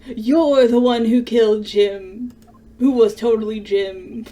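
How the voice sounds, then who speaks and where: A woman voicing a theatrical male prosecutor villain in a video game, loudly faking grief and outrage. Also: a little high, slow. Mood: accusing. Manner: melodramatic, overblown outrage.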